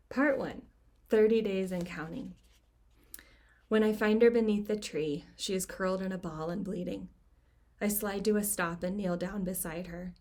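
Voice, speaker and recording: A woman reads her own novel aloud in a cabin at home. Her voice sits low and stays fairly even in pitch. She keeps the reading quiet, sinking to near-whispers where the story grows tense. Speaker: author.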